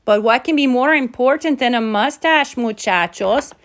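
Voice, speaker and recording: A woman voicing an excitable young boy kitten in a read-aloud storybook, playful, with mock-Spanish flourishes. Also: a little high, moderate pace, voice pushed up, close to an everyday voice. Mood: insistent. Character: excitable boy Siamese kitten playing hero.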